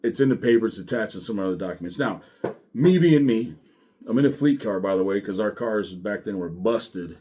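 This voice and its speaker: A middle-aged man, a former sheriff's deputy, telling his story in a blunt, profane and animated way. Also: fairly low pitch, a little fast, slightly rough. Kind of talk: casual storytelling monologue.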